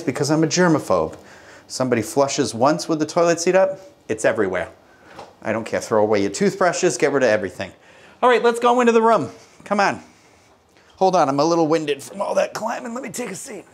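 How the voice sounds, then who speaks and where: A young man walks through a hotel room, chatting casually and cracking self-mocking jokes. His voice sits in an ordinary middle pitch, loose and unscripted. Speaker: room tour host. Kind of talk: casual walk-through vlog.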